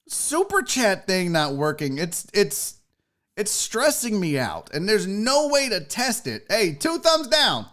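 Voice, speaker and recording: A middle-aged man hosting a casual live stream, loud and profane, excitably reading viewer messages aloud. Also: high voice, slow pace. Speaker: show host.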